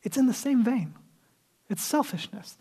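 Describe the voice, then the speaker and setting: Animated, conversational male pastor preaching. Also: extremely high pitch, moderate pace, breathy edge. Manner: conversational, animated, acts out quoted people; drops to a whisper for emphasis. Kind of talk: sermon.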